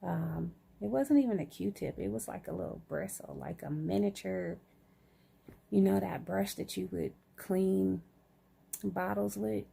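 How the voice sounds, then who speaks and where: Groggy gravelly-voiced woman chatting. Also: mid-range voice, a little slow, warm tone. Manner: chatty, says "y'all" often. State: groggy after surgery. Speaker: vlogger. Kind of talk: casual chat to camera.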